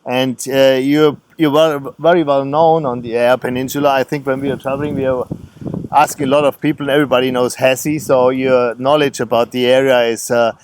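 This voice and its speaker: A man with a German accent, a travel vlogger interviewing a guide in a friendly way, pausing often for words. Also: medium pitch, steady tone. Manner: friendly, searching for words, many fillers. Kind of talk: casual interview.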